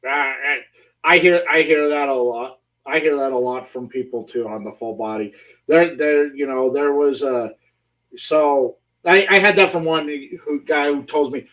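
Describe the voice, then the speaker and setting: A man's voice: medium pitch, moderate pace, a bit bright. A male host telling playful stories in casual chat. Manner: chatty, playful storyteller. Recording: voice a bit far from the mic.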